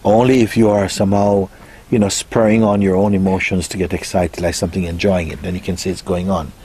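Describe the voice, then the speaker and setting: A man giving a spiritual talk, soft-spoken and unhurried, musing gently with pauses as he answers a question. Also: low voice, flat delivery, husky. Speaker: spiritual teacher.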